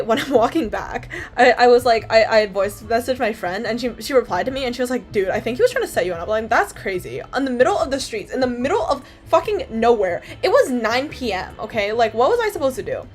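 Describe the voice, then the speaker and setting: Young woman, streamer, casual chat, rambling, lots of fillers, swears, higher voice, faint music behind. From Canada. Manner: rambling, filler-heavy storytelling, swears freely.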